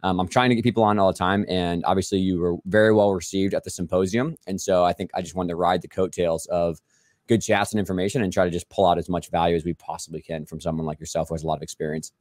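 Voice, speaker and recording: A man's voice: low-pitched, steady tone, fast talker, a little mellow, dry recording, clean studio sound. An American man hosting a podcast, chatting casually and upbeat with a guest, with plenty of fillers and laughs. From United States. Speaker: podcast host.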